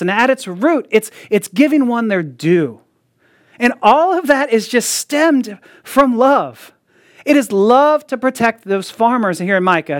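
A man preaches in a loose, chatty sermon style and slips into mocking voices when he quotes people. His speech is full of "like" and quick asides. The sound is dry and close, with no room echo. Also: high-pitched. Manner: conversational, often acts out quoted voices with a mocking edge; frequent "like" fillers and laughs.

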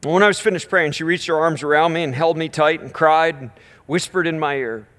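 A middle-aged male minister gives a storytelling sermon at a live church weekend. His voice sits somewhat high for a man. He tells the story with animated energy and softens into slow, hushed prayer.

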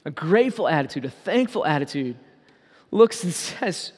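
A man with a fairly high voice delivers a sermon as pastor. He presses his listeners with rhetorical questions and slows down to stress his points. His voice rings out with a long reverb, as in a large church hall. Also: sing-song. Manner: preaching with many rhetorical questions, slowing down for emphasis.

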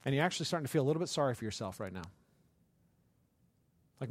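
This male pastor's sermon is conversational and full of stories, with frequent tag questions to listeners and acted-out voices. He speaks at a medium pitch with big swings, rapid-fire but pausing often, and there's no room sound.

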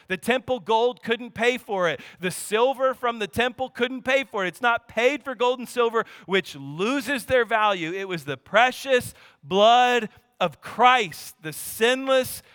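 A man's voice: high-pitched, pushed and bright, no room sound, in a large hall. A man in his thirties preaching a sermon in an earnest, emphatic, conversational way.

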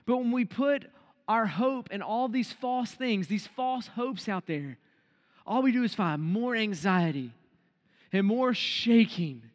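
A man preaching an earnest devotional sermon who slows down to stress key phrases. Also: high voice, animated. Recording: long reverb tail.

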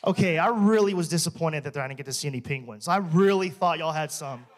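A young man giving a testimony sermon in a church. He talks with animated energy, jokes and laughs often. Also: fairly high pitch, quick pace. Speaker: church minister.

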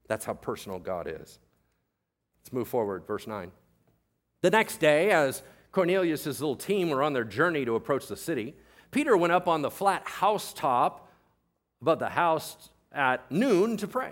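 A man preaching a sermon as pastor, animated and joking, acting out the voices of people in the story. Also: fairly high pitch, moderate pace. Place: church.

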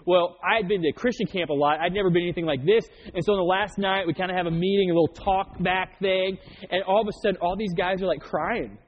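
A high-pitched man preaching from the pulpit, easygoing and chatty, slipping stories and jokes into the sermon. His voice rings with a long reverb in a large church, and the sound is a bit muffled. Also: steady tone, fast talker. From Oklahoma. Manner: conversational storytelling with jokes. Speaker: pastor.

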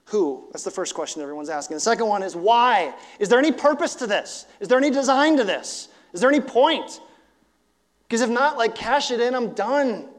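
A man's voice: very high-pitched, expressive, a little fast. A man preaching a sermon as a pastor, storytelling earnestly and asking rhetorical questions, with casual fillers. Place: church sanctuary. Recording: long church hall reverb.

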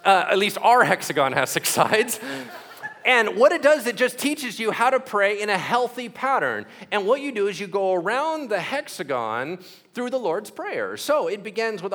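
A man preaching a sermon as a pastor in a church, animated, moving between loud bursts and hushed asides as he acts out prayers. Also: high voice.

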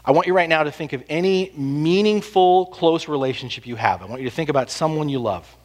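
A man with a high voice preaches a sermon, firing off rhetorical questions and swinging from hushed, drawn-out phrases to loud emphasis. His voice rings with the long reverb of a church hall. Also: expressive. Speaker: pastor.

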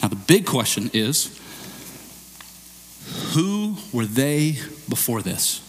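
A man preaching a sermon as pastor, explaining a scripture passage and acting out bits of dialogue in a raised, excited voice. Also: mid-range voice, takes it slowly. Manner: animated, acts out dialogue in raised voice.

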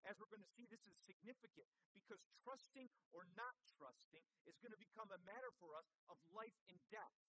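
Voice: mid-range voice, expressive, fairly quick, few pauses, pushed and bright, low-quality recording. Preacher mid-sermon, storytelling, drives points home through emphatic repetition. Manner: storytelling, builds to emphatic repeated phrases.

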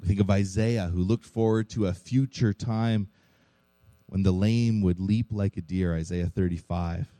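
Casting: male pastor, earnest sermon delivery, low voice, very warm and mellow tone. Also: steady tone, a little slow, no room sound, low-quality recording. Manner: earnest preaching with rhetorical questions.

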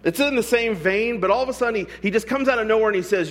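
A man's voice: sits high, fast, few pauses, a bit bright. A man, a pastor, preaching a sermon in a conversational way, with frequent rhetorical asides to his congregation.

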